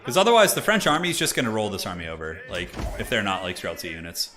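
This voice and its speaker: A man casually commentating a strategy game on his live stream, rambling and animated with lots of "like" fillers. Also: fairly low pitch, quick pace, noisy background.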